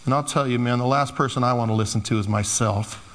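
A man preaching a sermon with a mid-pitched voice, talking in a loose, conversational way and slipping into playful quoted asides. His voice rings out with a long reverb tail, as in a large hall. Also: fairly even intonation, fast talker, a bit bright. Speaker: pastor.

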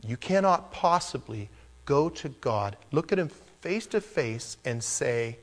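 A man preaching a verse-by-verse sermon in a conversational way. He drops to hushed, near-whispered appeals, then rises into emphatic exhortation. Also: mid-range voice, expressive, slow. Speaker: pastor. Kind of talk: expository sermon.

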